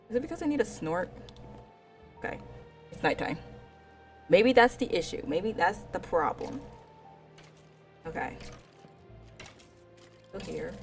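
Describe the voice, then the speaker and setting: A woman's voice: lowish voice, darkish tone. Woman, streamer, casual rambling, slangy asides, faint background music. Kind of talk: casual gaming stream chat.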